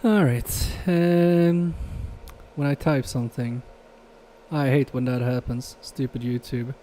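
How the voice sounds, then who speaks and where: A man on a live repair stream talks in an unhurried, unrushed way, tossing jokes and mild swearing at his chat between laughs. His tone is soft and mellow, with a middle pitch, as he chats casually over his work. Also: steady tone. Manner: joking, swearing banter with chat; laughs often between remarks.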